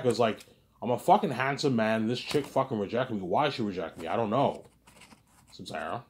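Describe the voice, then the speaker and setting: A man's voice: lowish voice, animated, normal speed, long pauses. A young man talking casually to the camera in a rambling, repetitive monologue full of swearing. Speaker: vlogger.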